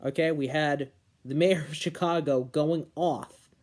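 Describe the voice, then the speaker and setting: A young man from New Hampshire giving an earnest political commentary monologue, slowing down and stressing key words. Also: on the high side, steady tone, a little mellow. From New Hampshire, USA. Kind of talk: casual opinion monologue.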